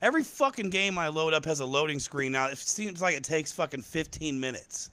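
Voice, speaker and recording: A man's voice: on the high side, expressive, fairly quick, pushed and bright. A man co-hosting a podcast, griping in profane casual banter. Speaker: podcast co-host.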